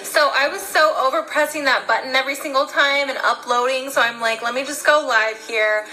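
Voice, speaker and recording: A woman's voice: sits high, fairly even intonation, fairly quick, pushed and bright, low-quality recording. A young woman chatting casually through a makeup unboxing, bubbly and gushing about each product. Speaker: beauty vlogger.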